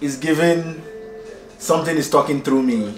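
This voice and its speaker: A man's voice: a little high, normal speed, soft background music. A man vlogging casually from a hotel room, rambling and laughing as he talks. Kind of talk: casual vlog chat. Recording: echoey room with faint noise.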